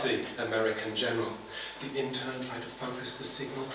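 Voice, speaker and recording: A man's voice: mid-range voice, flat delivery, brisk, fairly bright tone. A man performing comic spoken-word poetry at a poetry slam, with a dramatic, wry, theatrical delivery, recorded far off in a noisy, echoey live venue. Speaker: slam poet.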